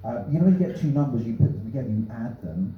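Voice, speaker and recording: A man's voice: mid-range voice, lively intonation, very fast. A man doing a stand-up set of new material, delivering dry punning one-liners with offhand asides from a small club stage. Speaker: stand-up comedian. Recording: echoey room, distant, slightly dull.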